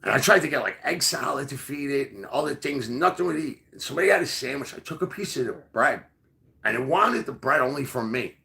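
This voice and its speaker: Gravelly man telling a rambling story. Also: mid-range voice, expressive, brisk, sharp tone. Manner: profane, rambling, full of fillers. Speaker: podcast host. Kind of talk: casual storytelling.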